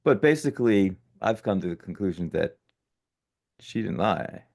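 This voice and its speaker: A man in his sixties, a podcast guest telling his story casually, animated and often correcting himself mid-sentence. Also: fairly low pitch, normal speed, creaky. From born in Italy, raised in the United States. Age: 60s.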